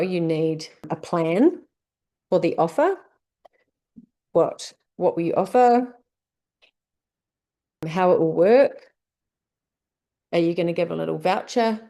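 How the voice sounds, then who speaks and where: This is a mellow, lowish female voice. She has a New Zealand accent and walks through questions in a business tips lesson in a relaxed, conversational manner, often asking rhetorical questions.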